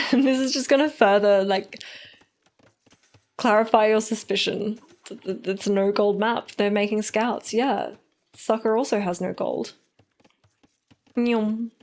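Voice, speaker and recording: A woman's voice: medium pitch, fairly even intonation, measured pace, pauses often, a little mellow. A woman casting a strategy game live on stream, playful and teasing, with frequent giggles.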